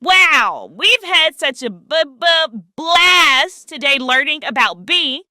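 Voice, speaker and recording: Bright, bouncy woman children's host. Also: sits high, lively intonation, takes it slowly, no room sound, studio quality. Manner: sing-song, coaxing, asks children to join in. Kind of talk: children's lesson.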